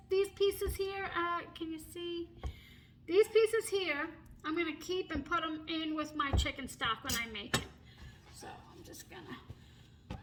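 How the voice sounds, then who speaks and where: A middle-aged woman with a high-pitched, sharp voice films a casual cooking vlog on a phone, holding and turning it as she cooks in her kitchen. She laughs often and keeps apologizing. The rough recording has slight background noise and a pet bird chirping faintly.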